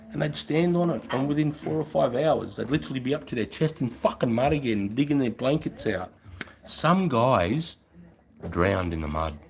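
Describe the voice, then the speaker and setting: Blunt, profane Australian army veteran. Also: male voice, fairly low pitch, sharp tone, slight background noise. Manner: blunt, heavily profane storytelling. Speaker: former army soldier. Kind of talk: casual podcast chat.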